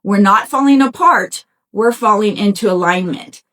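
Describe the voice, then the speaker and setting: A woman's voice: medium pitch, normal speed, fairly bright tone. A middle-aged woman hosting a motivational self-help talk, speaking to listeners in an encouraging, conversational way with a folksy "y'all" and "right?". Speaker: podcast host.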